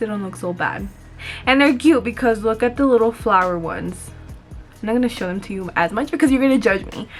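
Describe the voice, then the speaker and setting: Young woman, chatty code-switcher, bright high voice, light music bed. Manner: chatty, switching between English and Spanish mid-sentence. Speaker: beauty vlogger. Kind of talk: casual get-ready-with-me chat.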